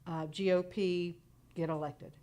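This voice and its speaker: A woman's voice: lowish voice, fairly even intonation, measured pace, dark tone. Businesslike woman giving event details. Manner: businesslike, matter-of-fact. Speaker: guest, local party official. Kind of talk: informative announcement on radio.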